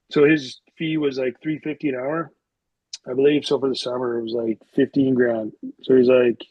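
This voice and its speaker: A man's voice: medium pitch, fairly even intonation, brisk, husky, no room sound, dull audio. A middle-aged man from Canada, a retired hockey player, telling rambling stories as a podcast guest, full of "like" and restarts. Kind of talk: casual storytelling interview.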